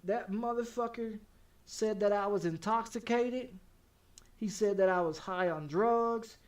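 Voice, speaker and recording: Man, game streamer, high-pitched, profane, heated, stammering repeats, slightly distant mic. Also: measured pace. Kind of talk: casual storytelling while streaming.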